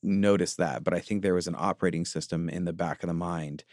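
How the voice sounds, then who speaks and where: A man in his thirties co-hosting a podcast, talking earnestly and confessionally, often pausing to search for words. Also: low-pitched, steady tone, darkish tone, dry recording, studio quality. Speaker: podcast co-host. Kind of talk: reflective podcast conversation.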